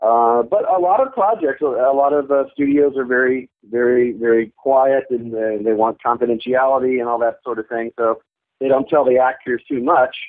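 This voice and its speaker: A man in his thirties, a voice actor chatting in an interview, animated and laughing often as he slips into quick character voices. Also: medium pitch. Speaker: voice actor guest. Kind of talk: casual interview chat. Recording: tinny phone-like archive audio.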